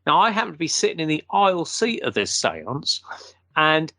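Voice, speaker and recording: A man, a guest, telling a long anecdote in a casual, animated way and acting out the quotes. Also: on the high side, normal speed, no echo.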